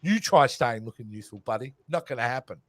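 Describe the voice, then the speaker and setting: An Australian man co-hosting a casual podcast, enthusiastic and quick to laugh. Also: mid-range voice, animated, a bit bright, dry recording. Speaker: podcast co-host.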